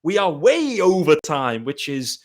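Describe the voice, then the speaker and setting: A man's voice: on the high side, sing-song, a little slow. Friendly British podcast host man. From Britain. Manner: friendly, chummy wrap-up talk. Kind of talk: casual chat.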